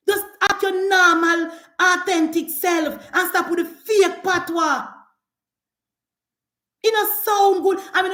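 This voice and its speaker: A woman's voice: extremely high pitch, fairly bright tone, reverberant. A woman with a Jamaican accent delivering an impassioned political rant as a commentator, scolding and emphatic, hammering the same attacks again and again.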